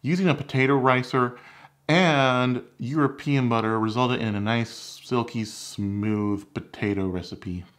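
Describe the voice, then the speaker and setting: A man's voice: medium pitch, a little slow. A man hosting his own cooking channel, chatting candidly and critiquing his own recipe videos. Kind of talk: casual vlog commentary.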